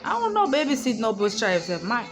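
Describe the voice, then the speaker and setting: A woman's voice: on the high side, big pitch swings, quick pace, music in the background. A woman vlogger telling a personal story in a casual monologue, emphatic and outspoken, swearing freely, recorded in a hotel room.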